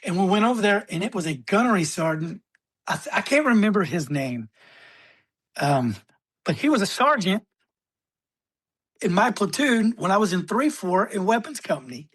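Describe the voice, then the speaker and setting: A man, a military veteran, telling stories as a podcast guest with many fillers, often clearing his throat. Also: high-pitched, very animated, normal speed, pauses often, fairly bright tone, no room sound. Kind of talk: casual storytelling interview.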